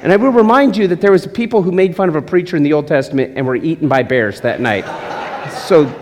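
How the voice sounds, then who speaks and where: A man's voice: on the high side, fast, noisy background. A male pastor preaching a sermon, teasing and joking with his congregation between points. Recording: long hall reverb.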